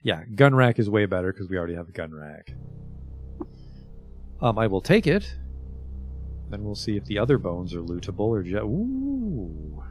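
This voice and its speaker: A man's voice: on the low side, wildly swooping pitch, moderate pace, pauses often, soft background music. A man streaming a video game, chatting casually, reading item descriptions aloud and swearing now and then. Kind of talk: casual livestream commentary.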